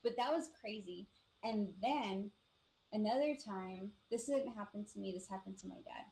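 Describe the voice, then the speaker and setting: A woman from the Navajo Nation, co-hosting a live show and telling ghost stories in a casual, animated way, acting out the voices of the people in them. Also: medium pitch, normal speed, a little hiss or hum, low-quality recording. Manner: animated storyteller, acts out quoted voices, many "like" fillers. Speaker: podcast co-host. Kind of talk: casual storytelling chat.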